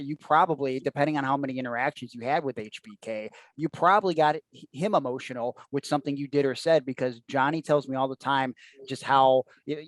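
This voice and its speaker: A man's voice: medium pitch, dry recording. Man hosting a podcast, dry close sound. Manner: conversational, long rambling questions. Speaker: podcast host. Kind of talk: casual interview questions.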